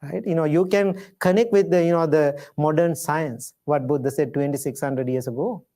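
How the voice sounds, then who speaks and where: A man, a Buddhist monk, giving a dharma talk in gentle storytelling with simple, repeated phrases. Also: on the high side, moderate pace. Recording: live talk to an audience.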